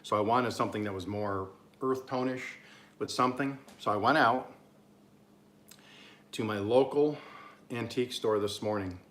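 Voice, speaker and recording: Low-voiced man from Oklahoma, casual home-cooking vlogger, rambling and self-amused. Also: fairly bright tone. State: talking with mouth full at times.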